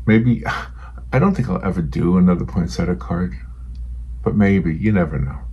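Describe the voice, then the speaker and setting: Narrow, tinny audio with a little hiss or hum captures a low-pitched man with vocal fry speaking at a moderate pace. He's a retired watercolor hobbyist in his sixties, rambling self-deprecatingly as he paints and getting a bit emotional.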